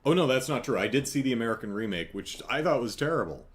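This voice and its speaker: A man hosting a solo podcast in a loose, chatty way. He rambles and corrects himself mid-thought. His pitch swings up and down as he tells his stories. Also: fast talker. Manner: rambling, self-correcting, animated storytelling. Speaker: podcast host. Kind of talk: casual solo podcast chat.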